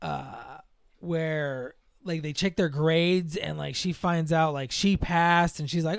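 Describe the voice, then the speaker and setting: A man's voice: fairly high pitch, slow pace, creaky, no room sound, studio quality. A man in casual chat recapping a film's plot, rambling with lots of fillers and acting out the characters' lines.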